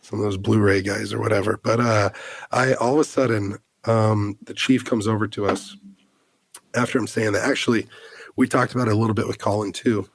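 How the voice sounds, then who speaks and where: A man's voice: fairly low pitch, steady tone, brisk, gravelly, slightly rough, no room sound. A man in his thirties from the United States, a podcast guest telling a heartfelt personal story in an earnest way, full of "like" fillers and restarts.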